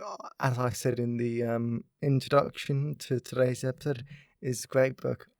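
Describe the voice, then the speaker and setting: A young man talks through his solo podcast in a loose, rambling way, dropping "like" into nearly every phrase. His mid-pitched voice carries a gravelly, fry-edged texture. The sound is close and dry, with no room around it. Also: darkish tone, no room sound. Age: young adult. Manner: upbeat, rambling, heavy use of "like" fillers. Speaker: podcast host. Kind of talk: casual solo podcast chat.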